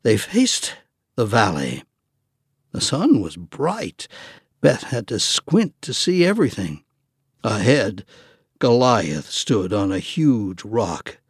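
A man narrates a children's storybook at an unhurried pace. His pitch sits slightly high and moves expressively, recorded dry and close. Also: big pitch swings, husky, no room sound. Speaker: audiobook narrator. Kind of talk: children's audiobook reading.

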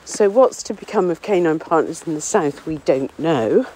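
Her deep voice has lively intonation, a somewhat mellow quality and a moderate pace, captured in low quality on a phone or portable recorder without headphones. She is a local author who contributes to a podcast, chatting in a rambling, self-deprecating way. It's a casual spoken diary made outdoors among trees on a windy common, and she sounds slightly breathless.

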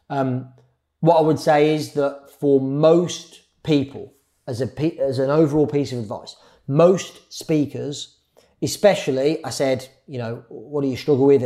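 Man coaching on public speaking, dark voice. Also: mid-range voice. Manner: varies speed and loudness, pauses for effect. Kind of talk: live workshop talk.

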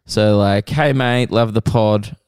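A man's voice: lowish voice, slow, clean tone, dry recording, studio quality. Man reading listener stories. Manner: relaxed storytelling, sighs and laughs while reading. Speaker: podcast co-host. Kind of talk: casual podcast chat, reading listener messages.

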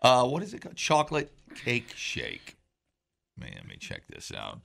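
Male radio co-host, gravelly, hugely expressive delivery, dry close-miked studio sound, prone to outbursts. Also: mid-range voice, normal speed, no echo. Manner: animated, swings into loud outbursts, laughs often. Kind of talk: casual morning show banter.

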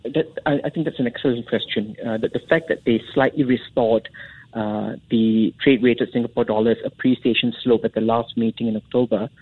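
A man's voice: medium pitch, fairly even intonation, fairly quick, slightly rough, dry recording. A man, an economist guest, answering a radio interview question with many restarts and fillers. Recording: muffled phone line.

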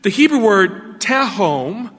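Man, radio sermon, emphatic, rhetorical questions, high pitch, long reverb. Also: sing-song, slow pace, a bit bright. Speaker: radio preacher.

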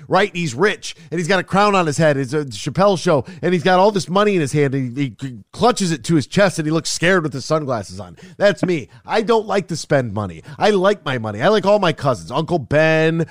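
A man on a casual radio chat, telling lively stories and acting out both sides of conversations. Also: a little high, normal speed, few pauses, dry recording, clean studio sound. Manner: lively storyteller, acts out exchanges.

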